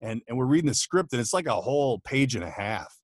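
A man's voice: medium pitch, very animated, fast, husky, no echo, studio quality. Chatty man telling voiceover stories. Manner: chatty, laughing storyteller with many restarts. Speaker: podcast guest, voice actor. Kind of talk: casual chat. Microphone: home studio microphone.

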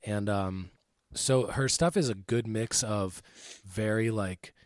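A man co-hosting a music podcast, talking through an album pick in a relaxed, rambling way with lots of fillers. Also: fairly low pitch, slow, no room sound, clean studio sound. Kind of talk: casual music podcast chat.

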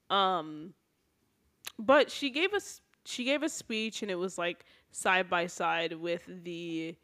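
A woman chatting casually as a podcast co-host, recapping a TV episode, animated, laughing often and acting out quotes. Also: fairly low pitch.

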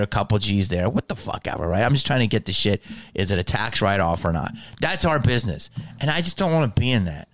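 A man venting in an agitated, profane rant, his voice often dropping low and quiet when he turns bitter. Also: dry recording. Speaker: actor venting to camera.

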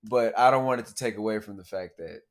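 A man's voice: fairly low pitch, fast. A young man co-hosting a podcast, chatting casually and playfully, teasing and acting out other people's voices in his stories. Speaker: podcast co-host. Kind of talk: casual chat, animated storytelling.

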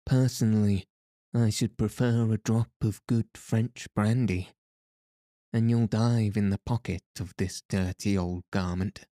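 A man's voice: fairly low pitch, steady tone, unhurried, dark tone, no echo, clean studio sound, lightly acted. A man voicing a foppish aristocratic husband with a sleepy, affected drawl, in a storybook reading. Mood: good-humoured.

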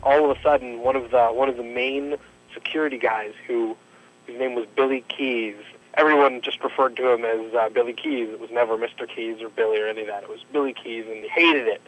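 A man's voice: medium pitch, fairly even intonation, a little fast, rough recording. Man casually telling a school story. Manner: casual, acts out quoted dialogue. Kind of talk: personal anecdote for a radio show.

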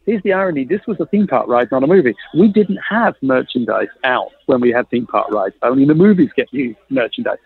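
A man's voice: medium pitch, fairly quick, hardly any pauses. A man telling a long story in a chat, acting out the dialogue he quotes. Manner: lively, acts out quoted dialogue, laughs often. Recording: tinny phone-like line, dry.

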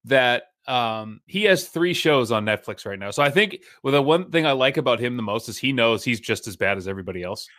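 A man's voice: medium pitch, expressive, brisk, few pauses, a bit bright, dry recording. A man co-hosting a podcast in casual chat, agreeable and chatty, leaning on "like" a lot.

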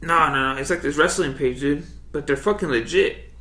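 A man's voice: fairly high pitch, moderate pace, pushed and bright. A young man co-hosting a podcast in casual chat, laid-back, swearing freely and saying "dude" all the time. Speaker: podcast co-host. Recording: echoey room.

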